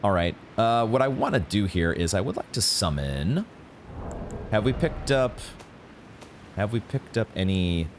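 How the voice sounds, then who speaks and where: A man giving excitable, swear-laden commentary while playing a video game. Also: on the low side, measured pace, pauses often, slight background noise. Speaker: gaming channel host. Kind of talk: live gameplay commentary.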